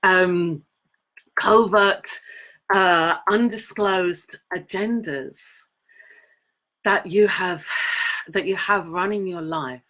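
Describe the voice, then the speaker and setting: A middle-aged woman leads a live coaching session in a loose, unscripted way. She halts often, restarts her sentences and fills the gaps with ums. Her voice sits a little low. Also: fairly bright tone. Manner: rambling, halting, many fillers and restarts. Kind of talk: casual coaching talk to a live audience.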